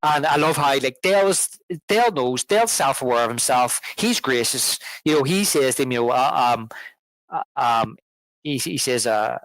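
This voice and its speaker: A man co-hosting a casual film podcast, middle of the range in pitch. He rambles, restarts often and retells scenes at length. The sound is dry and close. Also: animated, normal speed, fairly bright tone, dry recording, faint music behind, poor audio. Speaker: podcast co-host. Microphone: podcast microphone.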